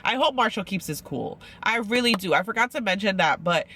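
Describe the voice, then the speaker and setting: A man's voice: high voice, expressive, a little fast, pushed and bright, a little hiss or hum. A man chatting casually as he recaps a reality show, rambling with lots of "like" and acting out quotes. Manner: chatty and rambling, heavy use of "like", acts out quotes.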